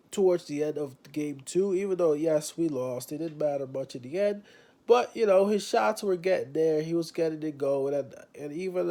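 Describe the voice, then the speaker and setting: Young male fan vlogger, congested from a cold, warm and mellow tone, laid-back delivery. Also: on the high side, gravelly. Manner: laid-back, repeats "you know what I'm saying". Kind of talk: casual fan commentary to camera.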